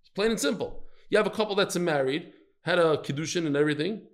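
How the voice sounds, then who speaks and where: A man teaching a lively Talmud class to a live audience, quizzing his listeners and telling stories as he goes. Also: on the high side, fast. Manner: animated, storytelling, quizzes the listeners.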